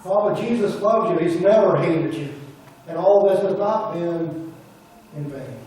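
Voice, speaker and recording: Preacher telling a story in a roomy church. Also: male voice, a little high, a little slow, darkish tone, slight background noise. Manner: retells a story, quoting the people in it. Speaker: pastor. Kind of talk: sermon storytelling. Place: church sanctuary. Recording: roomy church audio from a distance.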